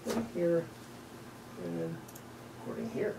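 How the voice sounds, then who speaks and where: A man working the camera, giving brisk, practical on-set remarks. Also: a little high, sing-song, creaky. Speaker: camera operator and director. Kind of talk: quick on-set crew talk. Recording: distant voice in a noisy room.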